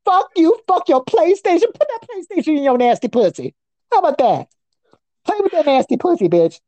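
A woman's voice: high voice, very animated, fairly quick, dark tone, poor audio. A woman guest on a comedy podcast, delivering a crude, profane roast in a mocking voice and breaking into nonsense singsong chants.

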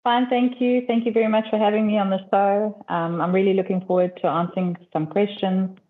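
A South African woman guest, a property broker, answering questions in a measured way. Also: medium pitch, fairly even intonation. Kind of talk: interview answers. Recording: tinny call line.

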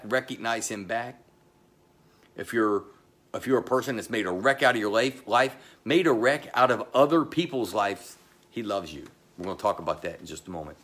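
A middle-aged man, the pastor, delivering a sermon in a slow, emphatic way, pausing often and dropping to a low voice, with chatty asides to the congregation. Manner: slow, emphatic delivery with pauses and sudden drops to a quiet voice.

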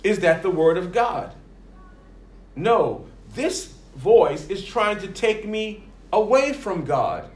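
A man preaching with a fairly high voice, swinging between loud emphatic bursts and quiet asides. He acts out the voices he quotes as he goes. The sound is roomy and echoey. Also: sing-song, slow. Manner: rising and falling emphatically, acting out quoted voices. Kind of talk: sermon.

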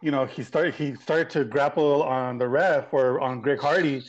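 A man's voice: medium pitch, fairly even intonation, normal speed, dull audio. A man co-hosting a podcast, chatting casually with many fillers and restarts. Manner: hesitant, filler-heavy commentary. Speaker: podcast co-host. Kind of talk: casual chat.

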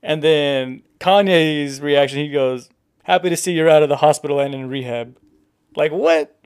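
A man's voice: fairly high pitch, normal speed, clear, resonant tone. A man co-hosting a podcast, talking in a laid-back way with swearing and reading texts aloud. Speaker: podcast co-host. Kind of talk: casual chat.

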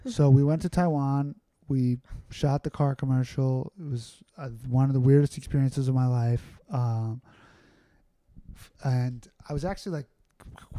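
Chatting as a guest on a podcast, a man spins casual stories candidly, piling up fillers and starting over. His voice is very dark and mellow, middling in pitch, recorded dry and close with no room sound at all.

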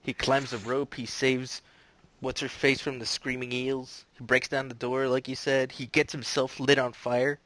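A man with a middling voice on a podcast panel, dropping quick, jokey asides into the movie talk. The sound is dry and close. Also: medium pitch, flat delivery, fairly bright tone, no room sound. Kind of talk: casual movie chat.

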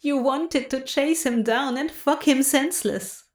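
A woman's voice: high voice, a little slow, roomy sound, voice pushed up. A woman voicing a seductive, sly male plant-fey king who murmurs and chuckles knowingly.

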